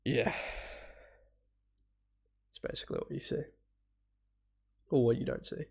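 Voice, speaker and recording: A man's voice: medium pitch, unhurried, vocal fry, darkish tone, breathy edge. A man with a cold, sniffling and stuffy, rambling casually through a live reaction stream, laughing, swearing now and then, and humming bits aloud. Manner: hums parts aloud.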